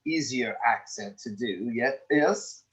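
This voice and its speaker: A man's voice: medium pitch, takes it slowly, fairly bright tone, low-quality recording. A middle-aged man giving script feedback in an acting class, rambling and often checking in with "right?". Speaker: acting coach.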